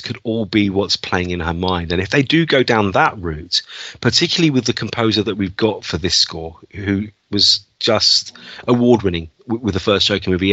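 Brief: male podcast co-host, bright and forceful voice, rambling eager film talk, dry lo-fi recording. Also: lowish voice, dry recording. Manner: enthusiastic, rambling with fillers. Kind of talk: casual film chat. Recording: dull, dry lo-fi sound.

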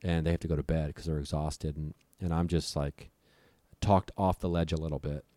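A young man, a storyteller guest, tells a frightening story in casual conversation, vivid and profane, acting out what people said. His very deep voice is mellow with a level tone and a slightly fast pace, and the recording is dry.

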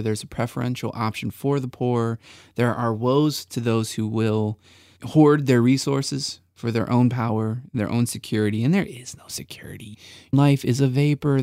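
Man, mid-pitch, gravelly, earnest faith-podcast co-host. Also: a little mellow, no echo, studio quality. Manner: earnest, preacher-like emphasis. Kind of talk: reflective faith podcast talk.

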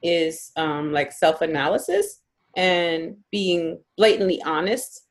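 A woman with a fairly low voice talks in a chatty, casual way. She laughs easily and uses plenty of fillers. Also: lively intonation, slow pace. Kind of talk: casual conversation.

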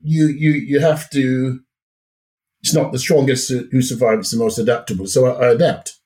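A middle-aged man with a Jamaican accent mixed with British, telling stories as a guest in a casual conversation, relaxed and often laughing. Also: medium pitch, normal speed. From Jamaica and England. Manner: relaxed, laughs often, repeats words as he restarts. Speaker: podcast guest.

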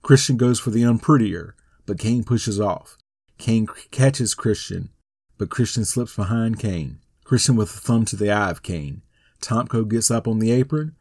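Deadpan man reading a wrestling recap. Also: lowish voice, no room sound. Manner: dry, matter-of-fact reading.

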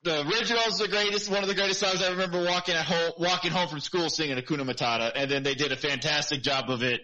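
A man talking in a relaxed podcast chat as a guest, excitable and restarting his sentences often. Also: on the high side, quick pace, lo-fi sound.

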